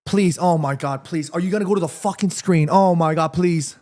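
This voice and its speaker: High-voiced excitable football watchalong host. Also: male voice, fairly quick, hardly any pauses. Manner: excitable, pleading, swears freely. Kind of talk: live match reaction commentary.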